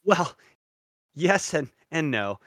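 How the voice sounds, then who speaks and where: A man's voice: fairly high pitch, drawn-out words, dry recording, studio quality. A man co-hosting a podcast in casual chat, telling stories and acting out the people in them. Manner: animated storyteller, acts out quoted people. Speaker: podcast co-host.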